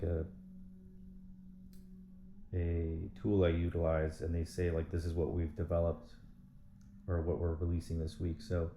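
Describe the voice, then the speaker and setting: A man's voice: sits low, mellow, slight background noise. Rambling, profane man ranting in a roomy space. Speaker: vlogger. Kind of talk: casual monologue.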